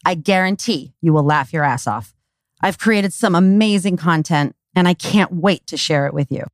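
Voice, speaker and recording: A woman's voice: fairly low pitch, moderate pace, no echo, studio quality. Woman reading an upbeat podcast promo. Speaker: podcast host. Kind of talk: scripted promo narration. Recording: faint music behind.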